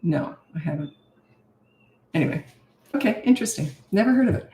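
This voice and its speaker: A woman's voice: mid-range voice, lively intonation, a little fast, pauses often, dark tone. Chatty older woman hosting a live Q&A. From Canada and Australia. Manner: chatty, reads out viewers' hometowns, laughs often. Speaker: parenting coach hosting a live Q&A. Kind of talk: casual live-stream chat. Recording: roomy echo.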